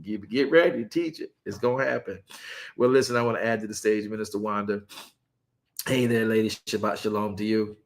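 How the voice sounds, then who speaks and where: A man preaching a lively Sabbath study on a livestream, repeating words and adding playful asides. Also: fairly low pitch, a little fast. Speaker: pastor leading online Sabbath study. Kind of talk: lively sermon and livestream chat.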